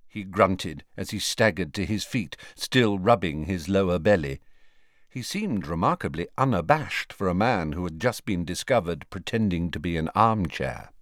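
A man narrating an audiobook in an unhurried, expressive storytelling voice. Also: low voice, no echo, studio quality. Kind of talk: scripted narration.

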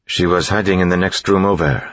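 A man voicing an apologetic, hurried male guard captain. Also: low voice, fairly even intonation, fairly bright tone, no room sound, dull audio, voice pushed up.

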